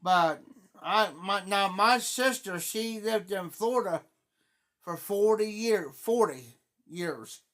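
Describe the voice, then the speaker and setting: A man's voice: high-pitched, takes it slowly, a bit bright. A middle-aged man from Ohio with a southern Ohio Appalachian accent, hosting a livestream in a folksy, rambling casual chat and greeting viewers by name. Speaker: livestream host.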